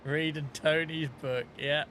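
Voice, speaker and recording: A man's voice: a little high, fairly even intonation, measured pace, a bit bright, slight background noise. A man giving casual, joking commentary while streaming a farming game, rambling and laughing often.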